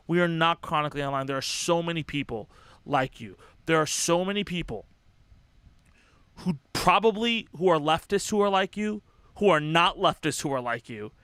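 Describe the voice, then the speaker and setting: Young male streamer, high bright voice, sweary and fired up, dry close sound, casual rambling delivery. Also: animated, fairly quick, clear, resonant tone, no echo. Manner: profane, impassioned, rambling with restarts. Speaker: livestream host. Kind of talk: casual livestream commentary.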